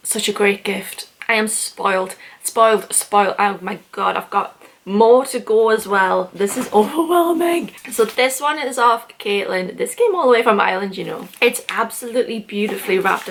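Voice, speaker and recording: Excitable young woman vlogger. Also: mid-range voice, creaky, a little hiss or hum. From United Kingdom. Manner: gushing and excitable, lots of "like" fillers. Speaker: book vlogger. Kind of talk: casual vlog chat.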